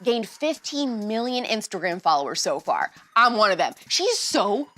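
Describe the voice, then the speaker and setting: A woman hosting a show, giving sarcastic pop-culture commentary in a quick, punchy way. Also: medium pitch, big pitch swings, a bit bright. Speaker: show host. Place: state of Arizona.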